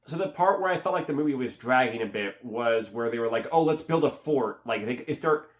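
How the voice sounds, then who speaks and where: A man reviews a movie in a casual, rambling way, packed with fillers and restarts. His pitch leaps up whenever he acts out reactions, and his overall delivery is brisk.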